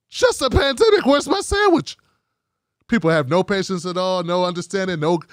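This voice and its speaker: A man mocking a whiny, high-pitched grumbling viewer. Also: fairly bright tone, dry recording, clean studio sound. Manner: exasperated, sarcastic, mocking complaints. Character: whiny petulant bigoted male TV viewer.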